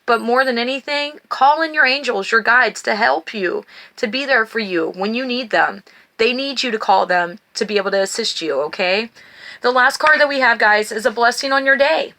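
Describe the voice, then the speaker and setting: Hosting a spiritual card reading, a middle-aged tarot and oracle reader speaks in a bright, clear voice that sits a little high. Her blessings come slowly and gently, and afterward she addresses viewers in a warm, earnest, emotional and personal way.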